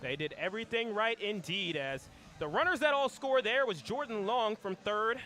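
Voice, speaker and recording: Young student play-by-play man, high and bright, eager delivery that erupts on big hits. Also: moderate pace. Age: young adult. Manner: excitable, shouts big plays. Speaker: play-by-play announcer. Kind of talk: live baseball commentary.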